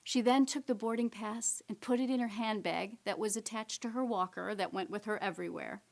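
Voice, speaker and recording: A middle-aged woman giving a keynote talk, telling a personal story gently and dropping to soft whispers at tender moments. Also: mid-range voice, fairly quick, gravelly, few pauses. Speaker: keynote speaker. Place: stage presentation.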